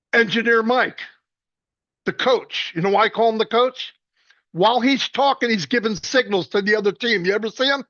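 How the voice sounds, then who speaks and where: A man giving a rambling, joking tribute full of quick stories and restarts. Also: high voice, a bit bright, dry recording. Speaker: speaker at a celebration. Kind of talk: casual storytelling tribute. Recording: dull dry lo-fi sound.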